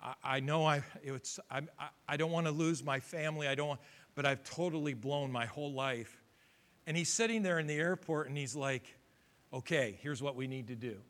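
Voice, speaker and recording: A man preaching from the pulpit, his voice high and bright. He tells a story through quoted dialogue, then climbs to forceful, near-shouted appeals. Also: normal speed. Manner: retells conversations in quoted voices, builds to shouted exhortation. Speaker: pastor. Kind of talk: sermon storytelling.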